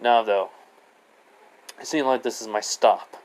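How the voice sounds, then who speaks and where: A man's voice: mid-range voice, steady tone, unhurried, close to an everyday voice, poor audio. A man voicing a proud hedgehog hero who calls himself the ultimate life form, speaking in self-assured declarations.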